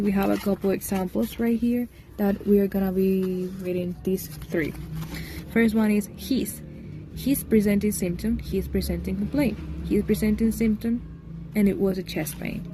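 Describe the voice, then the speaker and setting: Woman teacher reading an english lesson out loud, warm low-key voice, fixes her own slips, a little hiss behind. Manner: reads aloud carefully, correcting her own slips. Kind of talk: reading a textbook lesson aloud.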